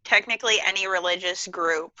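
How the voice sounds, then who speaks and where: A woman co-hosting a podcast in casual chat, chiming in with quick comments. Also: on the low side, steady tone, bright, forceful tone, no echo, highs cut off. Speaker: podcast co-host.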